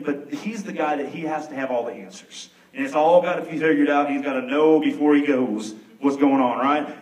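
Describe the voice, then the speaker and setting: A young man preaching a sermon with a Texan accent, acting out the figures of his story with sudden loud bursts. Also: a little high, distant mic. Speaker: pastor. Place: church sanctuary. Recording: echoey room, mic some way off.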